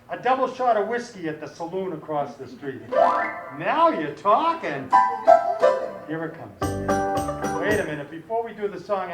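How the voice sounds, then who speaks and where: A man entertaining at a live sing-along show, trading folksy jokes with the crowd. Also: on the high side. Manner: folksy, joking patter with the crowd. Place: senior community function room. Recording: live, echoey room with loud music. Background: piano playing.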